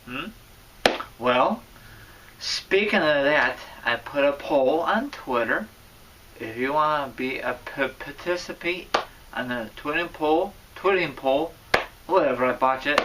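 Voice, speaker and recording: A man giving casual wrestling vlog commentary, rambling and correcting himself, with sudden loud bursts. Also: a little high, slow pace, far from the mic, very noisy. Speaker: wrestling vlogger.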